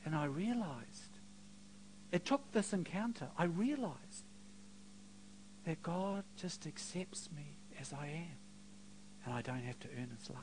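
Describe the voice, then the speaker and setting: A middle-aged male preacher telling a story from the pulpit, his pitch swinging widely as he goes. He jokes at his own expense and drops to near hush before building up loud again. A faint hum sits under the voice. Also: lively intonation, measured pace, pauses often. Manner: storytelling, self-mocking, swings between quiet and loud. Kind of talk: sermon.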